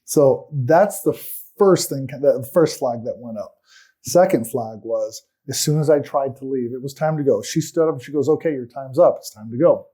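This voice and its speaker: A man telling his own story in an earnest, aggrieved way as a talk-show guest. His voice is mellow and warm, set in an ordinary middle pitch, and his sentences often sink to a quiet finish. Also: moderate pace.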